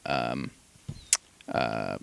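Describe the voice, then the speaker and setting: A low-voiced man co-hosting a laid-back podcast. He mostly backs up his co-host with quick agreement, then stops to work through his own theory. He talks casually and sometimes trails off mid-thought. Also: gravelly, a bit bright, clean tone. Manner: brief agreeing interjections, short theorizing. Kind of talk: casual movie review chat.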